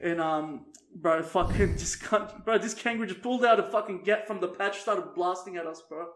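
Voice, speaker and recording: A young Australian man with a high-pitched voice tells a crude, laughing story full of swearing. He talks as a podcast co-host in casual chat. His voice bounces around an echoey room. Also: moderate pace, fairly bright tone.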